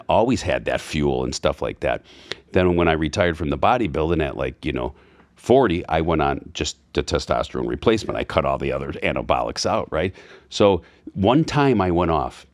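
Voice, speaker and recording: Very deep-voiced older man telling stories. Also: no echo. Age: 50s. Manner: storytelling, acting out quoted dialogue. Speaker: podcast guest. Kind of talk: casual conversation. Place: Florida.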